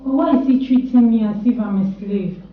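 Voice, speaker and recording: A woman's voice: mid-range voice, normal speed, natural voice. An actress playing a hurt young girl who plaintively says she feels unloved, in a film drama. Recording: very echoey, distant, phone-like, noisy.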